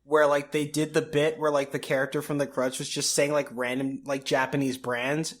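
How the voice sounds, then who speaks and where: A man's voice: on the high side, level tone, moderate pace. A man co-hosting a casual podcast, chatting in a laid-back way with casual swearing. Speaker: podcast co-host. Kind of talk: casual chat.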